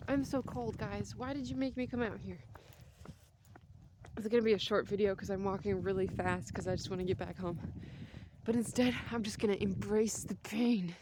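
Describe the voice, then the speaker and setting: A woman's voice: mid-range voice, animated, moderate pace, pauses often, background noise. A young adult woman vlogging outdoors on a cold winter walk, talking in a rambling, chatty way with jokey asides. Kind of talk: casual walking vlog.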